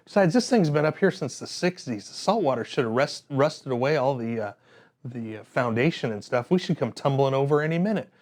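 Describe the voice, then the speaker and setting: A man's voice: mid-range voice, expressive, a little fast, darkish tone, natural voice. Man doing his chatty, tactless neighbor. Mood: breezy. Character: chatty adult male neighbor, upbeat and tactless.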